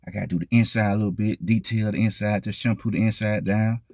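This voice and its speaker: A man on the lower end of the pitch range hosts his vlog, speaking fast with fairly even intonation and a somewhat mellow quality; the recording is clean and studio-grade with no echo. Chatting casually to the camera, he repeats himself for emphasis and constantly quizzes his viewers.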